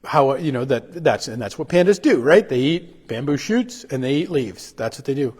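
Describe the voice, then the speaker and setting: A man giving a pastor's sermon reflection, halting and full of restarts and fillers as he talks. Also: medium pitch, animated, a little mellow, husky. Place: church. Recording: livestream with long hall reverb.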